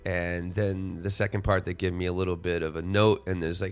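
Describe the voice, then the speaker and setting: A man's voice: sits low, little pitch movement, fairly quick, clean tone. A man in his forties hosting a solo podcast, talking reflectively and rambling with lots of "you know" fillers and restarts. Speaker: podcast host.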